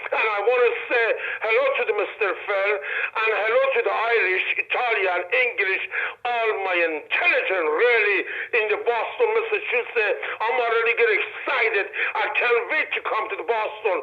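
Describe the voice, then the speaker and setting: An older man calls in over a dull, lo-fi phone line. His voice sits high, and his broken English is warm with gushing thanks and blessings. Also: moderate pace. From Iran. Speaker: phone-in guest, retired wrestler. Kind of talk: phone interview. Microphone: telephone.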